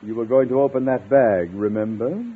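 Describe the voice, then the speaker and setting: A man's voice: mid-range voice, normal speed, husky, close to an everyday voice. An actor playing a self-important, blustering man school principal in a 1950s radio comedy. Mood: pompous. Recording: tinny old radio broadcast.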